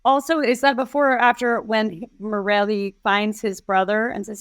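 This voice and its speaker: A woman's voice: medium pitch, steady tone, clean tone, no echo. Wry woman co-hosting a movie podcast. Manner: wry, quick quips. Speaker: podcast co-host. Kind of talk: casual movie review chat.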